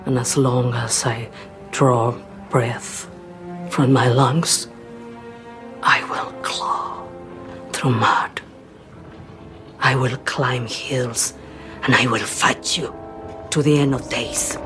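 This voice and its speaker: Brief: a fierce mother facing down a demon, slow and intense, loud score behind. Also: a bass voice, fairly even intonation, full character voice. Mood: defiant. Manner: intense, whispered then rising to a shout. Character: defiant mother banishing a demon. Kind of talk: dramatic TV clip. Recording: clip with loud music. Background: loud dramatic score.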